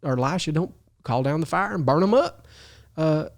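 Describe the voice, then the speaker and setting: A man hosting a video who tells a story in casual talk, animated, chuckling often and restarting his sentences. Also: a little high, moderate pace, gravelly. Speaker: video host.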